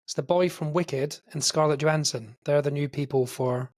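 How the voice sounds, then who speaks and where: A man's voice: a little high, normal speed. A man co-hosting a podcast, chatting casually about films with eager, rambling energy. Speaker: podcast co-host. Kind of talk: casual film chat.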